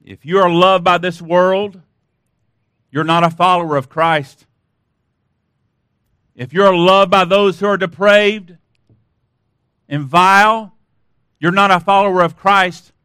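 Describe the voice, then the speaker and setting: Male pastor preaching, high bright voice, slow and emphatic, dry close sound. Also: steady tone, clean tone, dry recording. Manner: emphatic, rhetorical questions, repeated "listen". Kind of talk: sermon.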